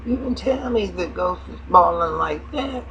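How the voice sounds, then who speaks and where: A man putting on a sassy high-voiced scheming woman. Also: expressive, unhurried, bright, forceful tone, muffled recording, a little hiss or hum, heavily acted. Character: brash scheming young woman, foul-mouthed and bossy.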